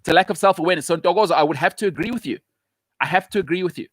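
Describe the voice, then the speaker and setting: A South African man hosts a live stream in an emphatic, impassioned rant, repeating his points and replying to chat comments. His voice sits a little high for a man. The sound is dry and close, with no room around it. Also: rapid-fire, no room sound. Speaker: show host.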